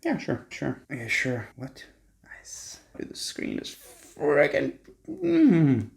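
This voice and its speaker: A young man filming a casual unboxing, excitable and swearing often, jumping between hushed whispers and squeals. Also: a little high, slow pace, vocal fry. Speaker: vlogger.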